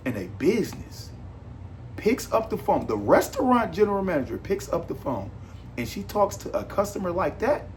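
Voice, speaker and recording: Man, podcast host, casual monologue, emphatic, repetitive, rambling, mid-range pitch. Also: slight background noise.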